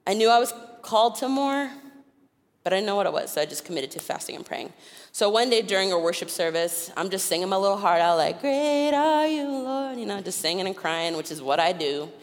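A woman preaching a sermon, telling personal stories with animated delivery and frequent laughter. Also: lowish voice, quick pace, long reverb tail. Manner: animated, acts out voices in her stories, laughs often. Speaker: guest preacher. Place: church sanctuary.

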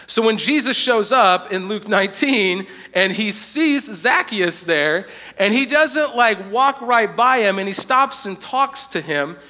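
High, bright-voiced preacher in a reverberant hall. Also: male voice, a little slow. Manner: animated, joking storyteller who questions the congregation. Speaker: pastor. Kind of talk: sermon. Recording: long church-hall reverb.

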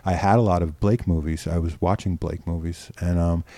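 A deep, gravelly middle-aged man from New York rambles through stories as a podcast guest, restarting his sentences and swearing freely. His tone is dark and mellow, and the close mic sounds dry with no room at all. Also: steady tone, fairly quick, no echo. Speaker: guest, filmmaker. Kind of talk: casual storytelling interview.

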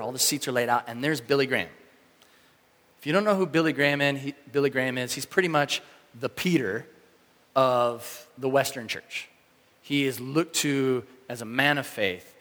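A man preaching a sermon in a casual, animated way, acting out the reactions of the people in his story. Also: medium pitch, big-room sound. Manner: animated, conversational, acts out quoted reactions. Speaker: pastor.

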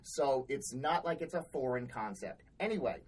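A woman's voice: extremely low pitch, animated, normal speed, a little mellow, rough recording. A woman co-hosting a podcast, telling work stories in a blunt, exasperated, heavily profane casual chat. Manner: blunt, exasperated, swears often. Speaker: podcast co-host.

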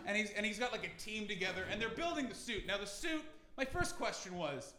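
A Canadian man doing a stand-up comedy set at a London pop-up venue, animated and sweary, with bursts of shouting. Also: high-pitched, fairly quick. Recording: echoey live venue, audience noise.

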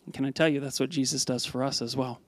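A male pastor preaching a conversational sermon to a congregation, lively and prone to repeating words as he asks them questions. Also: mid-range voice, fast, no room sound.

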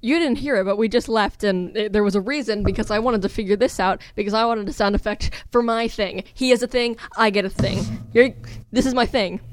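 A woman co-hosting a casual podcast, rambling and giggling excitably. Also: mid-range voice, brisk, slight background noise. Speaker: podcast co-host.

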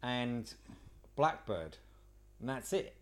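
Lively man bantering. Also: mid-range voice, crowd noise. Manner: playful, teasing, quick banter. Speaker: podcast co-host. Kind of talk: casual chat.

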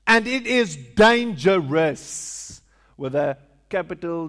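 Slow high-voiced preacher. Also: male voice, expressive. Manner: rhetorical questions, emphatic repetition. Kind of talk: sermon. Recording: long hall reverb.

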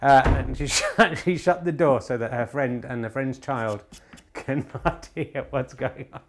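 Brief: male podcast host, dry ironic mock commentator, halting delivery full of "uh"s, home recording. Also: medium pitch. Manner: rambling, many filler pauses; deadpan ironic humour. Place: home TV room.

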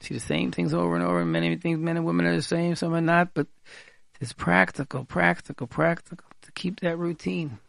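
A man's voice: on the high side, gravelly, dry recording. A man giving informal marriage advice on the radio, repeating key words for emphasis and mixing in Hebrew and Yiddish terms.

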